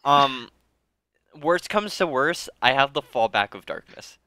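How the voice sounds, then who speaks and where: Excitable bright-voiced male player. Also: mid-range voice, unhurried, clean tone, no echo. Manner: excitable, repeats himself, drops into hushed in-character asides. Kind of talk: casual gaming chat.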